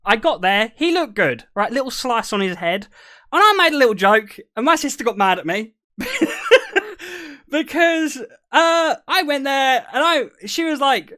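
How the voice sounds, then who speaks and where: A man's voice: high voice, expressive, moderate pace, bright, forceful tone. A British man streaming, telling casual stories to his chat, joking, swearing freely and laughing often. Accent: British English. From Britain.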